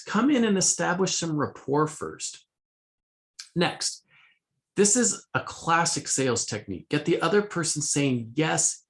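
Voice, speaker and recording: A middle-aged man presenting a conversational lesson summarizing a self-help book, quoting passages and restarting phrases as he talks. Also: on the high side. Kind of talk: casual spoken lesson.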